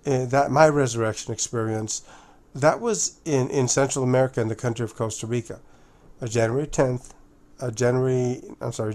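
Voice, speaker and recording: A man speaking in a casual monologue to his viewers, halting and often restarting or repeating words, calling his listeners "guys". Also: mid-range voice, darkish tone. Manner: addresses listeners directly as guys. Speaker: video presenter.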